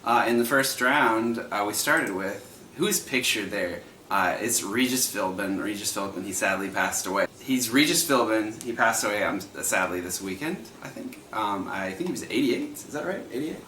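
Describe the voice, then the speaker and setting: A man's voice: lowish voice, lively intonation, moderate pace, bright, forceful tone, reverberant, a little hiss or hum. A man in his thirties hosting a livestream trivia night, chatty, laughing often and repeating each question.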